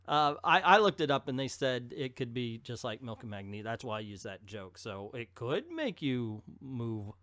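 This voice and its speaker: A man's voice: mid-range voice, a bit bright, no echo, studio quality. A man giving casual, sarcastic commentary on an old comic book. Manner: sarcastic, mocking.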